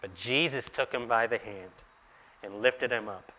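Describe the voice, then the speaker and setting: A male preacher delivers a sermon at an unhurried pace. His voice is bright and forceful. He acts out the quoted dialogue with mounting intensity, then drops almost to a whisper for the intimate lines. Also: on the low side, slight background noise.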